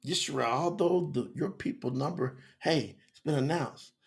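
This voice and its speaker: A middle-aged man teaches scripture to a live online audience. His voice sits high and carries a gravelly fry, and he moves between fervent shouts and hushed, intimate asides. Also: unhurried. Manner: fervent, preacherly, big swings from loud to hushed.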